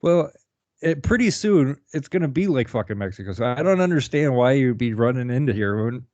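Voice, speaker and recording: A man's voice: medium pitch, sing-song, brisk, darkish tone, dry recording. A man co-hosting a podcast, talking in a rambling casual way with a lot of swearing and laughing. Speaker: podcast co-host. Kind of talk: casual profane chat. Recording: dull lo-fi dry sound.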